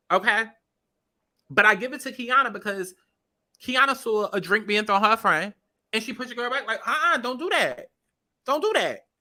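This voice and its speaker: Woman, casual commentary, very bright tone, lively swooping pitch, profane, emphatic repeats. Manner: talks to viewers while scrubbing through a clip. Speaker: commentary vlogger.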